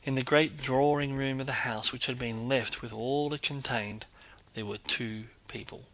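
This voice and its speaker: A man reading a classic novel aloud as audiobook narrator, in even, measured storytelling. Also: mid-range voice, rough recording.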